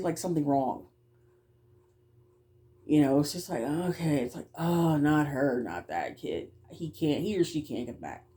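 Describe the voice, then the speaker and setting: Brief: woman childcare provider, low-ish mellow voice, blunt and profane, rushes her words. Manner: blunt, swears, stumbles over words; talks fast at times. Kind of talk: casual storytelling.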